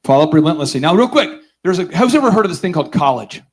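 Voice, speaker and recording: A man's voice: fairly high pitch, very fast. A man hosting a business conference, telling a story with sarcasm and energy, acting out the voices and quizzing the audience. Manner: energetic, sarcastic, acts out voices in his stories. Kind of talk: live seminar storytelling to an audience.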